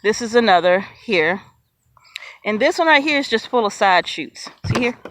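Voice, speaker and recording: A woman giving a chatty, excited tour of her outdoor vegetable garden, talking straight to her viewers and laughing easily. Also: mid-range voice, moderate pace. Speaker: homesteader showing her garden. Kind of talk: casual garden tour vlog.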